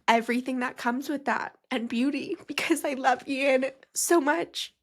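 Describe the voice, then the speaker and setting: Slow-talking young woman with a gravelly voice. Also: high-pitched. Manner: rambling, many fillers, laughing through tears. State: crying at times. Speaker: podcast host. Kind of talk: casual personal storytelling.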